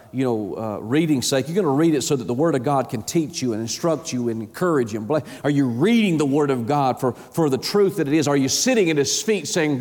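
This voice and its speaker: A man preaching a sermon in an emphatic, repetitive way, his pitch climbing high and falling low. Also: darkish tone, big-room sound. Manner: emphatic, repeats words, rises and drops sharply in pitch.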